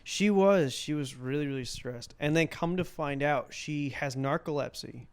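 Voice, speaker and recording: A young man in his twenties, a podcast guest and comic, telling casual stories into a podcast mic, animated and laughing, acting out scenes. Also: a little high, normal speed, clean tone. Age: 20s. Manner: animated, laughing storyteller who acts out scenes. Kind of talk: casual storytelling. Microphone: podcast microphone.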